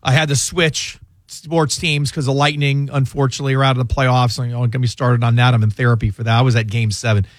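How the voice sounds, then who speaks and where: A man's voice: mid-range voice, level tone, quick pace, no room sound. Rambling male radio talk show host. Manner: rambling, with many restarts and asides. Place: radio studio. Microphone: close studio microphone.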